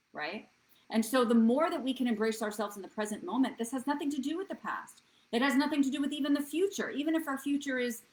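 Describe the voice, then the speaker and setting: A woman in her thirties hosts a live wellness show, talking earnestly to viewers like a coach and often checking in with "right?". Her voice is fairly high-pitched, and the recording is rough.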